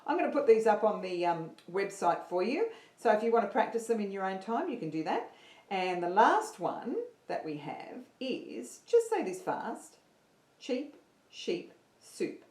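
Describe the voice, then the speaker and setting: A woman's voice: medium pitch, sing-song, moderate pace, darkish tone, echoey room. A woman teaching an online singing lesson, upbeat and counting her students in.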